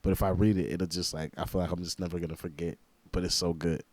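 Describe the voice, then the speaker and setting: Laid-back low-voiced man. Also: level tone, quick pace, dry recording. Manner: laid-back slangy chat, lots of "like". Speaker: reaction video host and rapper. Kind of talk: casual reaction commentary.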